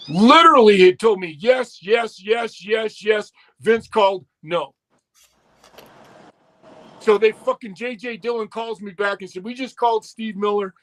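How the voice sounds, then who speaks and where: A middle-aged man with a high-pitched voice tells a long story as an interview guest. He swears often and quotes each person's words in his own voice, rising and speeding up as the tension grows. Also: a little slow. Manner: profane, animated retelling with quoted dialogue.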